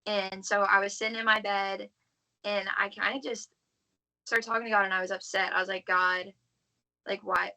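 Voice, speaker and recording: Bright-voiced earnest young woman. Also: mid-range voice, rough recording. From southern United States. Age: young adult. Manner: earnest, heartfelt, frequent "like" fillers. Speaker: podcast guest. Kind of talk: personal faith testimony, casual.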